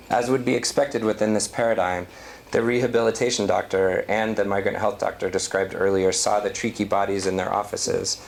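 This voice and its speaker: A man giving an academic lecture, reading a prepared talk at a measured pace. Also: low-pitched, creaky, a little hiss or hum. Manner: reads prepared text, measured.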